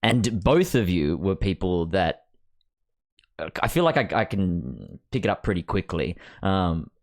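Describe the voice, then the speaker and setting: A man with a very low voice hosts a relaxed chat over a video call. He talks reflectively and thinks aloud as he goes. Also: unhurried. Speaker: host. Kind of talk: casual chat. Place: at home.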